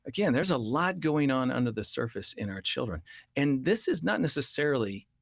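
This man has a mid-range, creaky voice with big pitch swings, talking a little fast in clean studio sound with no room echo. He's an earnest family counselor in a radio talk show conversation, sometimes voicing children in quotes.

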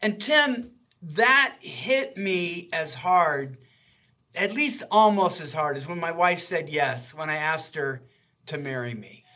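Older guy in his 60s, high bright voice, earnest heartfelt interview guest. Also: expressive, slow pace. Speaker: guest author. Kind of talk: faith-based radio interview.

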